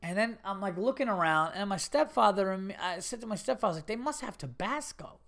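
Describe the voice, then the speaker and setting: Animated, cursing male storyteller. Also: high voice, fast, vocal fry. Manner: animated, swearing, rising to indignant bursts. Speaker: podcast host. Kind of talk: casual storytelling monologue.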